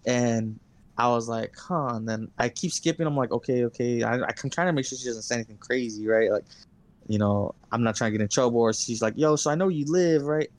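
This young podcast co-host talks a little fast in a mid-range voice. He spins long, rambling stories in casual conversation, loaded with filler words and lots of swearing.

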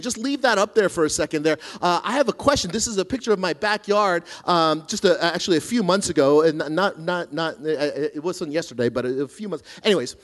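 A man's voice: on the high side, a little fast, hardly any pauses. A middle-aged man preaching a sermon, telling a self-deprecating story with lots of restarts and asides. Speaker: pastor.

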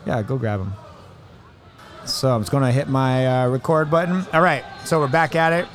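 A man's voice: mid-range voice, moderate pace, a little hiss or hum. A man hosting a podcast at a tournament, joking, swearing and laughing often. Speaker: podcast host. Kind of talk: casual interview chat. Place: tournament venue table.

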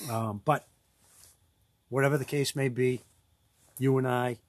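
A man's voice: mid-range voice, steady tone, a little slow, no room sound. A man co-hosting a casual podcast chat, talking loosely with many restarts and frequent laughter. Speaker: podcast co-host.

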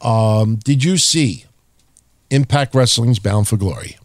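A middle-aged man hosts a wrestling podcast in loose, casual chat, blunt and heavy on swearing. He talks at a middling pitch. The sound is dry and close to the mic. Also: no echo. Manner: blunt, profane, rapid-fire wrestling talk. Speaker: podcast host.

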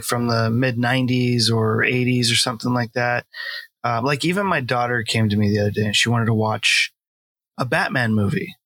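A man's voice: medium pitch, pushed and bright. Rambling middle-aged man reviewing films. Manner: rambling, filler-heavy, laughs often. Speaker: podcast co-host. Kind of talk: casual film review chat.

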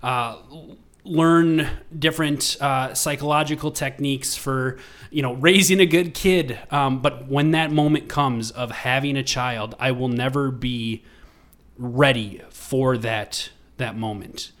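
A man's voice: mid-range voice, a little slow. A man co-hosting a podcast, talking casually with frequent ums and uhs. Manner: relaxed, lots of ums and uhs. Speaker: podcast co-host.

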